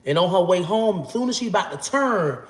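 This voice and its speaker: A man's voice: high-pitched, animated, brisk. A man, casually telling a long, profane story. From Florida. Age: 40s. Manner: profane, rambling, acts out quotes in a raised voice. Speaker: vlogger.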